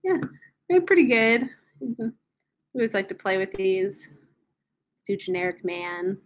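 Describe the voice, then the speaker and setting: Casual woman walking through software. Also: medium pitch, sing-song, measured pace, lo-fi sound. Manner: casual, many ums and uhs while clicking through. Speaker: software trainer. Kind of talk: screen-share product walkthrough.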